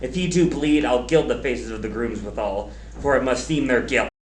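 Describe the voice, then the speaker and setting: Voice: mid-range voice, normal speed, lightly acted. An actor playing a commanding, scheming noblewoman. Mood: scornful. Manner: forceful, commanding declamation. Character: scheming ruthless noblewoman, scornful. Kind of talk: school stage play. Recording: echoey, noisy stage recording.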